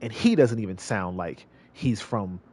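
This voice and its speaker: A man's voice: fairly low pitch, lively intonation, a little slow, darkish tone, husky. A male streamer giving casual gameplay commentary, rambling and repeating himself with many restarts. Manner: rambling, repetitive, lots of restarts.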